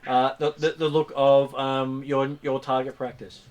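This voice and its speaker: A man narrating a tabletop role-playing game as game master, halting and full of fillers. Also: medium pitch, level tone, a little mellow.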